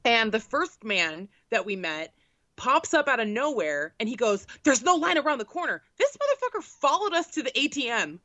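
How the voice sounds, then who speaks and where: A young woman tells a casual comedy story, swearing freely and sounding exasperated. Her voice is bright and sharply lively, leaping around in pitch. The recording is close and dry. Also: normal speed, no echo, highs cut off. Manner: profane, animated, exasperated. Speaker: storyteller co-host.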